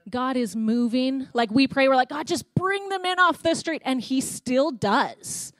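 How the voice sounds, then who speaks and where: A woman with a Canadian accent preaches a sermon in a chatty, storytelling way, acting out conversations as she goes. Her voice sits a little high. The sound is dry and close, with almost no room echo. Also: unhurried. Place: church.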